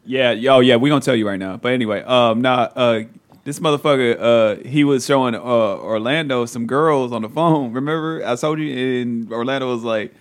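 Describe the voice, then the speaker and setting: A young man chats casually on a podcast, telling loose, profane stories. His voice sits at an ordinary middle pitch for a man, and he keeps breaking into laughs. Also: normal speed. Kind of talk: casual chat.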